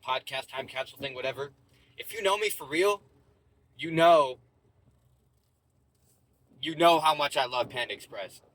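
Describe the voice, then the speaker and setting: A man's voice: fairly high pitch, pushed and bright, slight background noise. A young man vlogging from his parked car in a parking lot, chatting loosely and casually, full of "bro" and "like". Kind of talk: casual rambling vlog chat.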